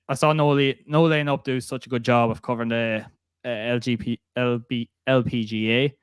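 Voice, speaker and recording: A man's voice: medium pitch, clean tone, dry recording. A young Irish man hosting a podcast, chatting casually and laughing as he tells a story. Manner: chatty, laughs while telling stories. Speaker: podcast host.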